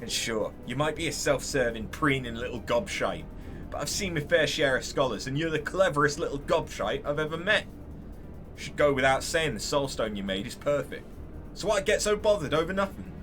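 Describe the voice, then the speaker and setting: A man's voice: fairly high pitch, animated, moderate pace, close to an everyday voice. A man voicing a blunt male blacksmith who scolds coarsely and swears freely, over game music. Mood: scolding. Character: gruff blunt male blacksmith, foul-mouthed.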